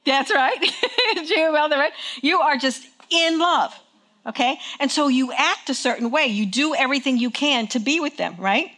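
At a moderate pace, a woman preaches in a high, expressive, bright and forceful voice to a church congregation. Her delivery is conversational, with call and response and frequent "okay?" check-ins.

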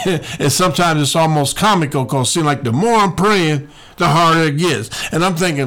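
A man's voice: fairly high pitch, a little fast, fairly bright tone. A man preaching a sermon, repeating lines and calling the listeners to respond.

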